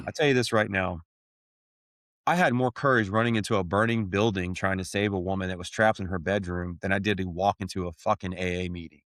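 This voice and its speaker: A man with a fairly low voice tells his own story in plain, blunt terms. He swears casually and keeps calling his listener "man." The recording is dry and close, with no room echo. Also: fairly bright tone. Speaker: podcast host sharing his testimony. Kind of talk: candid conversational storytelling.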